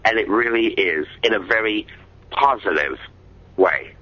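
A man talking as a radio show guest, halting and often repeating his words. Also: lowish voice, animated, pushed and bright, highs cut off. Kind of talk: casual radio talk.

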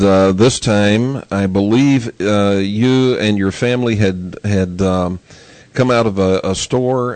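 Low-voiced male interviewer, dry sound. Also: a little mellow, no echo. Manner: prompting questions with hesitant fillers.

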